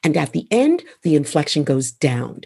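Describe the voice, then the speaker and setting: A woman's voice: low-pitched, big pitch swings, moderate pace, vocal fry, dark tone, slightly rough. A woman who is a voice coach and author, answering interview questions in an emphatic, instructive way and landing her phrases firmly.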